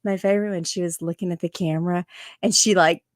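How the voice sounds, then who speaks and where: A woman's voice: lowish voice, fairly even intonation, fast talker, dry recording, studio quality. A woman co-hosting a casual livestream chat, laughing often, swearing and teasing.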